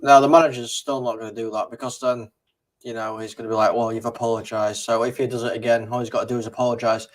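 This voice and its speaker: A man's voice: mid-range voice, flat delivery, fast. A man co-hosting a fan show, giving blunt, firm football opinions in casual chat. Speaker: co-host.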